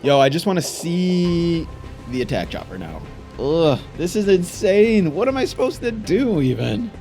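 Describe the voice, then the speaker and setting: A man's voice: fairly high pitch, very animated, measured pace, warm tone, soft background music. A young man giving frantic, frustrated commentary while playing a game. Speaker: gaming YouTuber. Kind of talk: gameplay commentary.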